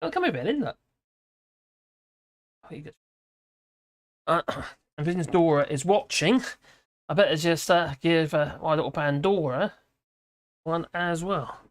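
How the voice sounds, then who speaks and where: A middle-aged woman from Britain, low-voiced and animated, speaks without hurry and leaves long pauses. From a room at home with her dogs she hosts a casual political livestream, rambling, laughing often and reading viewers' comments aloud.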